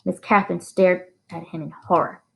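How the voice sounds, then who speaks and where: A woman reading a novel aloud in a steady storytelling manner. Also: lowish voice, normal speed, gravelly, low-quality recording. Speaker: reader.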